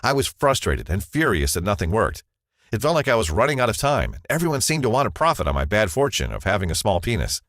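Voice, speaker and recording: Low-voiced man telling a confessional ad story. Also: sing-song, fast, a bit bright, no echo, studio quality. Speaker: ad narrator. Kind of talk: scripted first-person ad narration.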